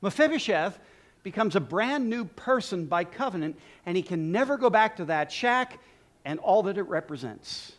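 High-voiced, lively male preacher. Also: normal speed. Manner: lively, humorous, laughs at his own jokes. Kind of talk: sermon.

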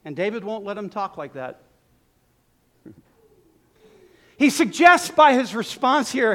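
High-voiced, lively male preacher. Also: takes it slowly, long pauses. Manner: lively, humorous, laughs at his own jokes. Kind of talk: sermon.

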